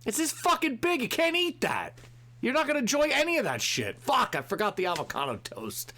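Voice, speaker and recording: Bright-voiced swearing rant host. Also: male voice, very high-pitched, huge pitch swings, brisk. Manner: swearing constantly, swinging from shouting to muttering. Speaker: live show host. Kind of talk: profane comedic rant.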